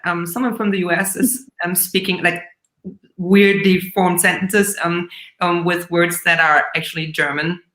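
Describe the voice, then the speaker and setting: A woman's voice: on the low side, steady tone, normal speed, a bit bright, echoey room, low-quality recording. A woman in a casual chat, speaking hesitantly with many ums. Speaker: band member guest.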